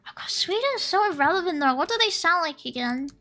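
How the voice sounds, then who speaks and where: A woman's voice: extremely high pitch, expressive, brisk, sharp tone. A woman chatting on a stream in a teasing, joking way, laughing often. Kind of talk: casual stream chat. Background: faint lo-fi music.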